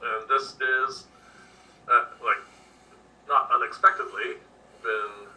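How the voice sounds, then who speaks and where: A man's voice: mid-range voice, steady tone, slow, sharp tone. A man narrating as game master, describing scenes in an easygoing way with lots of fillers. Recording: distant mic with faint noise.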